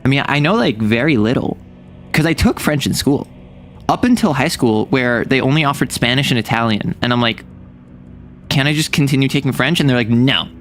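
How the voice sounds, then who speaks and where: Streaming a laid-back chat, a young man from the US rambles and cracks jokes, often breaking off his own thoughts. His mid-range voice is expressive, brisk and a bit bright, with faint music playing behind him.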